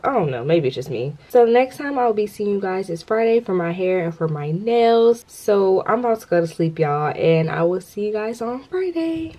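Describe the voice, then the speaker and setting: A woman's voice: mid-range voice, mellow. A young woman talking casually to her viewers in a rambling, chatty vlog, often addressing them directly. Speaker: vlogger. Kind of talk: casual vlog talk to camera.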